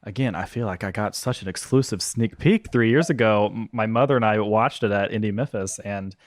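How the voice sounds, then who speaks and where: A man hosting a podcast, thanking his guest in an earnest, halting way full of fillers. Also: on the low side, no echo, clean studio sound. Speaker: podcast host. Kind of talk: casual interview chat.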